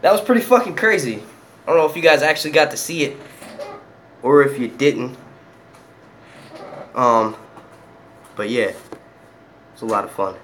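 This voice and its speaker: A man's voice: mid-range voice, animated, normal speed, long pauses, fairly bright tone, slight background noise. A young man from Philadelphia, hosting his own channel and chatting casually, profane and rambling, laughing often. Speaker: YouTube channel host. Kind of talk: casual live stream chat.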